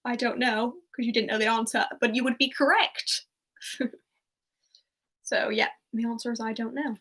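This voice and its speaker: A woman's voice: fairly high pitch, steady tone, moderate pace, fairly bright tone. Chatty young woman hosting a quiz. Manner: chatty, reads out quotes with little laughs. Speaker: pub quiz host. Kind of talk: casual livestream quiz chat.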